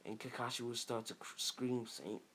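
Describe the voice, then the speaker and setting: A man improvising a story aloud in a casual, halting way, stopping often to restart his sentences. His voice is at an ordinary middle pitch, with a faint hiss behind it. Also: fairly bright tone. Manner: halting, many fillers and restarts. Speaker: fan storyteller.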